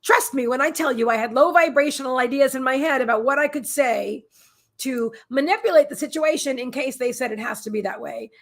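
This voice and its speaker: A woman with a high voice hosts a psychic livestream from her own apartment. She talks in a candid, heartfelt way, wandering off and restarting her sentences as she goes. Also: fairly quick. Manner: rambling, many restarts and fillers. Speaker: psychic host. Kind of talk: casual livestream chat.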